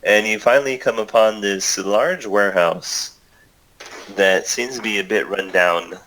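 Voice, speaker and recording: A man's voice: lowish voice, unhurried, a bit bright, poor audio. A man acting as game master, narrating a tabletop game in a loose, improvised way with many fillers.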